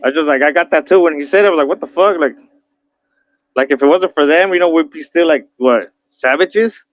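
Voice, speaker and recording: Loud indignant man on dull audio. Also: on the high side, brisk, no room sound. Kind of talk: casual chat.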